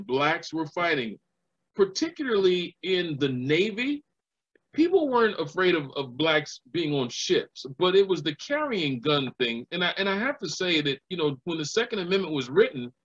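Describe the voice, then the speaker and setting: Animated high-voiced male history lecturer. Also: muffled recording. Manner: animated storyteller acting out quoted voices. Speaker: living historian and educator. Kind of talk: recorded history lecture with storytelling.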